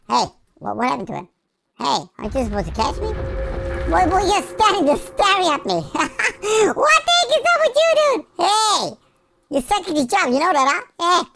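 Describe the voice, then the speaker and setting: A cheeky baby hedgehog, high-pitched and bouncing wildly up and down as he plays through a game, voiced by a man. His voice is gravelly at the edges and comes through a noisy recording. He teases, boasts and chants goofy nonsense rhymes. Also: full character voice. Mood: mocking. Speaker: game player. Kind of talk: playful gameplay commentary in character.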